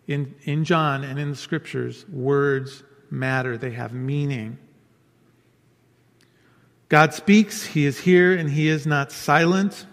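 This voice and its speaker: A man with a slightly high, creaky voice preaches a sermon earnestly, repeating key phrases for emphasis. Long hall reverb surrounds the recording.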